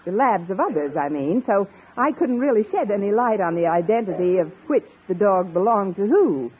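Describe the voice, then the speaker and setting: An actress playing a quick-witted, wisecracking woman English teacher in a 1950s radio comedy. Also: medium pitch, animated, noisy background, lightly acted. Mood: playful. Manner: wisecracking, playful. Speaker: schoolteacher. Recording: tinny old radio broadcast with studio audience laughter.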